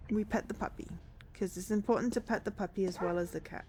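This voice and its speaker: A woman's voice: medium pitch, steady tone, quick pace, noisy background. A woman streamer giving casual, playful gameplay commentary, gushing over the animals.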